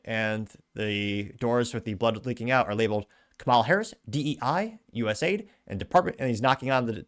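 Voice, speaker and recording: A man's voice: medium pitch, fairly bright tone. A man hosting a commentary show, reading viewer comments aloud and adding blunt, sarcastic asides. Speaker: host.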